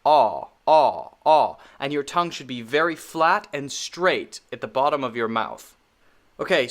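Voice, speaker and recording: A man with an American accent teaching a pronunciation lesson, drilling vowel sounds slowly and repeating each one. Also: mid-range voice, a bit bright.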